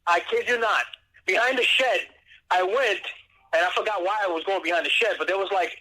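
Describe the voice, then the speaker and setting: A man calling in to a radio show, telling animated, laughing stories about his dog. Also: high voice, a little fast, rough recording. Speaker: phone-in guest. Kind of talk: casual storytelling on a call. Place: outdoors on a porch. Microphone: phone.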